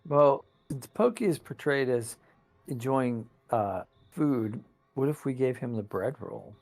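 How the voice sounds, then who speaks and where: A man's voice: medium pitch, animated, unhurried, gravelly, a little mellow, faint music behind. A man co-playing a video game, chatting casually, asking questions and cracking dry jokes. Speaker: co-player. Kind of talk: casual gameplay chat.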